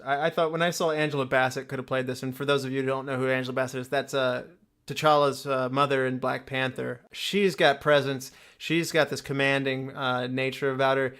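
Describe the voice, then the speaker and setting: A man's voice: mid-range voice, little pitch movement, a bit bright. A young man hosting a movie podcast, opinionated and joking in casual roundtable chat. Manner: opinionated, joking, quick asides. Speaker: podcast host.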